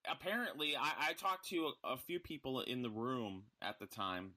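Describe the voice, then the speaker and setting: A man co-hosting a podcast, talking haltingly with fillers in casual political chat. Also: medium pitch, pushed and bright. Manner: halting, with many fillers and chuckles. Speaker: podcast co-host.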